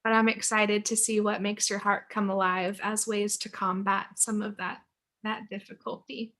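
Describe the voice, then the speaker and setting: A woman's voice: medium pitch, little pitch movement, normal speed, pushed and bright. A woman coaching a group on a video call, affirming and encouraging members.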